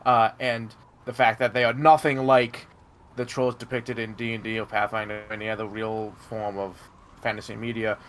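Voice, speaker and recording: A man running a tabletop game as game master, explaining in a halting way full of fillers and restarts. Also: lowish voice, level tone, fairly bright tone, slight background noise.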